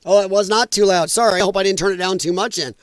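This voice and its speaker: A man with a fairly high voice talks fast on his own live commentary stream, ranting in a heated, mocking way. The recording is dry and close with no room sound, captured through headphones and a desk mic.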